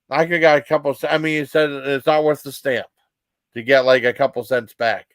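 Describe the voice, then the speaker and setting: A man's voice: fairly high pitch, steady tone, clean tone, no room sound. Rambling middle-aged man, dry close sound. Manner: halting, many restarts and fillers. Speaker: vlog host. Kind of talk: rambling personal storytelling.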